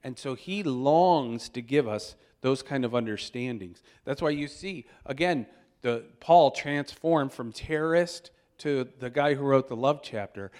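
A man preaching a storytelling sermon, animated and chuckling, who breaks into loud exclamations when he acts out moments. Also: mid-range voice, a little slow. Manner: animated, shouts out quoted exclamations; chuckles while telling stories.

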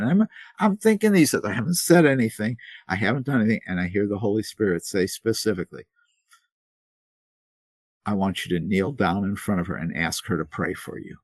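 A man's voice: lowish voice, animated, brisk, husky, no room sound. An older man in his seventies preaching a sermon, telling stories earnestly with many restarts and repeated words. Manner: storytelling, repetitive restarts, earnest. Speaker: pastor.

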